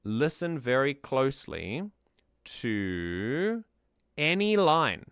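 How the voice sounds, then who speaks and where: Guy breaking down song lyrics, mid pitch, dry close sound, keeps restarting his sentences. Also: very animated, drawn-out words, a bit bright, smooth, no echo. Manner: thoughtful, explanatory, often restarts mid-sentence; sings lines back to demonstrate. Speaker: music reaction host. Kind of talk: casual music analysis commentary.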